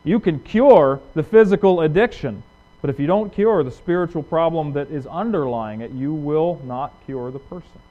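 Guy preaching a sermon, higher voice, punchy rhetorical questions, goes loud then quiet, kinda muffled recording. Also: moderate pace. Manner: emphatic, rhetorical questions, swings from loud to hushed. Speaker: pastor. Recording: dull lo-fi recording.

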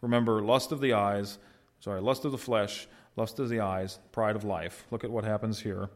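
A man's voice: lowish voice, fairly even intonation, normal speed. A man preaching a sermon as pastor, in a conversational way, putting questions to his congregation and answering them himself.

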